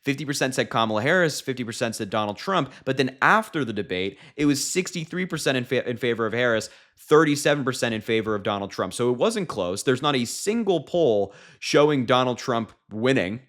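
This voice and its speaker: A man's voice: medium pitch, animated, brisk, fairly bright tone. A man giving sarcastic, incredulous political commentary and mocking what he has just played.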